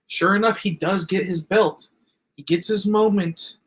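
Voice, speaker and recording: A man with a somewhat high voice talks through a wrestling match on a casual podcast. He is an enthusiastic fan and checks his notes as he recaps the action. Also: fairly even intonation, a little slow, low-quality recording. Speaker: podcast co-host.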